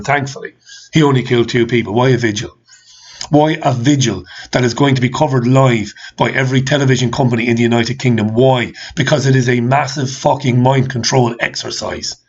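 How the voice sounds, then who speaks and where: A man's voice: mid-range voice, fairly even intonation, fairly quick. Ranting man, dull lo-fi sound. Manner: exasperated, repeats questions, swears. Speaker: host. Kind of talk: ranting commentary.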